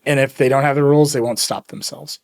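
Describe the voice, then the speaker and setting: A man's voice: medium pitch, steady tone, quick pace. A man hosting a tech podcast in casual chat, wry and rambling, slipping into quoted asides. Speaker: podcast host.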